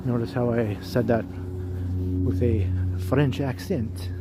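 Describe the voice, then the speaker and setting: A man's voice: medium pitch, fairly even intonation, takes it slowly, loud music behind the voice. A man hosting a casual walking livestream outdoors, chatty and jokey, greeting viewers by name as he walks city streets. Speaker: livestream host. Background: street traffic.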